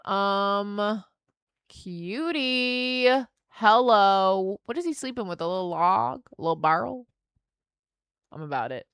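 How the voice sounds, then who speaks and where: A young woman streaming, chatting casually and excitedly as she opens trading cards and speaks warmly to her chat. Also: mid-range voice, slow, clean tone, no room sound, studio quality. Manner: excitable, gasps and squeals at good pulls, earnest and affectionate to chat.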